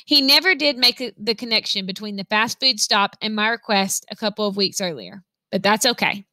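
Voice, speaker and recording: A woman reading a novel aloud, telling the story in an expressive first-person voice. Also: medium pitch, brisk, dry recording. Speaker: reader.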